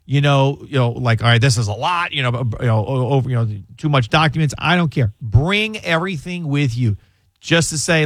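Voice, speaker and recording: A man's voice: fairly high pitch, lively intonation, a little fast, a bit bright, no room sound. A middle-aged man hosting a radio call-in show, giving advice in a rambling way with many fillers and repeated words. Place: radio studio. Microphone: studio mic.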